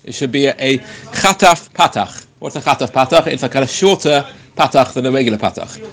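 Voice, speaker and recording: A man in the middle of a Torah class who reads Hebrew text slowly and carefully, then turns to explain it in English. He talks in a halting way, often breaking off and starting his sentences again. His voice sits at an ordinary middle pitch for a man. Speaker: Torah teacher.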